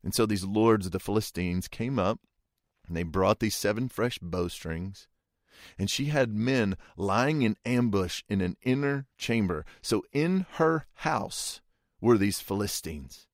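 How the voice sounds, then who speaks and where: A male preacher with a low voice retells a scripture story in a vivid, conversational way. The sound is dry and close, with no room echo. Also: expressive, measured pace. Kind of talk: sermon storytelling.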